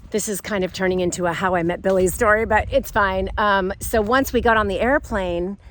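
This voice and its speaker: Middle-aged woman, vlogger storytelling, playful, giggles, swings pitch when quoting people. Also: fairly quick, a little hiss or hum. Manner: animated, acts out quoted voices with big pitch jumps. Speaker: vlogger telling a personal story. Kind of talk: casual storytelling.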